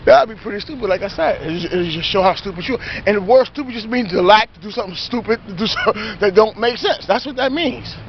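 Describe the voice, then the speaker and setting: A man's voice: sits high, lively intonation, quick pace, few pauses, dull audio, a little hiss or hum. A man preaching informally in a repetitive, emphatic way, often stopping to check that listeners understand, and restarting his sentences as he rambles on. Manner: repetitive, emphatic, keeps asking "you understand?"; rambling, self-correcting restarts. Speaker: lay preacher.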